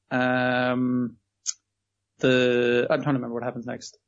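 A man's voice: medium pitch, fairly even intonation, measured pace. A man in casual podcast chat, sweary and exasperated, acting out quotes as he retells an anime. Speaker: podcast co-host. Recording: dull lo-fi audio.

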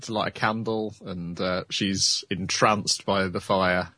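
A man with a lower, slightly husky voice chats casually on a podcast and recaps an anime episode. He laughs often. The recording is dry and close. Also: fairly even intonation, takes it slowly, sharp tone, no echo. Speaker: podcast host.

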